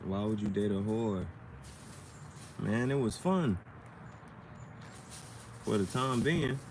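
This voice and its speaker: A man's voice: on the low side, animated, takes it slowly, darkish tone, slight background noise. A man talking in a loose, slangy monologue that keeps drifting into playful rhymes. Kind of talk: casual rhyming monologue.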